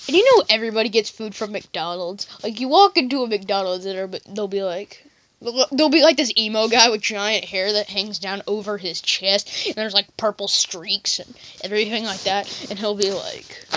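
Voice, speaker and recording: A woman's voice: mid-range voice, moderate pace, a bit bright. A woman talking in a silly, rambling comedy monologue as a vlogger, often jumping into goofy voices.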